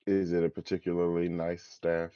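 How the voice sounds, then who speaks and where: A man's voice: deep voice, little pitch movement, normal speed, warm tone, clear, resonant tone, no echo, muffled recording. A man playing in a tabletop game, laid-back, counting dice aloud. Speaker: player. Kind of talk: casual game chat.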